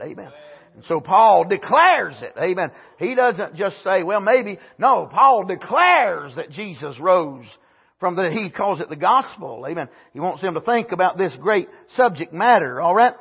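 A man preaches a sermon in a high, husky voice. He leans on every point with "amen," climbing to near-shouted emphasis before settling into quiet teaching. The church recording sounds dull and lo-fi. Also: sing-song, measured pace. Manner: emphatic, punctuates phrases with "amen"; swings from raised, near-shouted emphasis to low, quiet explanation.

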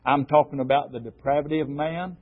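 A man's voice: a little high, fairly even intonation, brisk, husky. A man preaching a fervent, emphatic sermon to a group of men. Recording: dull lo-fi recording.

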